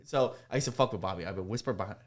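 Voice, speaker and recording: A man talks quickly in a relaxed, casual chat, racing through stories about old coworkers. He slips into loud, high-pitched impressions of the people he describes, swears freely and laughs along. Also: a little hiss or hum. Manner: animated storyteller, acts out coworkers in loud high voices, swears a lot, laughs often. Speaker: podcast host.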